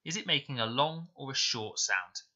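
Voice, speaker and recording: Man for a recorded spelling lesson; sharp, bright tone, sounds out each word slowly. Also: mid-range voice, lively intonation. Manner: slow, clear, sounding out words deliberately. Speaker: primary school teacher. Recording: dull lo-fi home recording.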